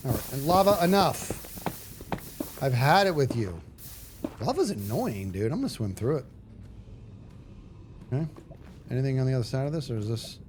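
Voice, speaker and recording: A man chats on a live game stream, thinking out loud and teasing himself as he plays. His pitch jumps around a lot. Quiet background music runs underneath. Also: sing-song, moderate pace, pauses often. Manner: rambling, self-mocking, thinks aloud. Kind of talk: live gaming stream chat.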